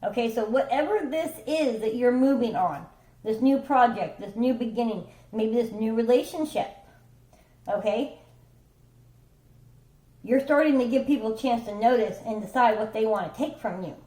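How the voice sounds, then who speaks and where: A woman with a somewhat high, dark-toned voice gives a casual tarot reading monologue at a moderate pace in a noticeably echoey room. She rambles conversationally, swears offhandedly, and keeps checking in with her listener using "okay?" and "right?"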